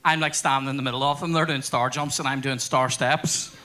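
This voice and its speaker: On a theatre stage before an audience, a podcast host tells crude stories with sweary asides during a live show. His medium-pitched voice is brisk, bright and forceful with fairly even intonation, and a little hiss or hum is audible.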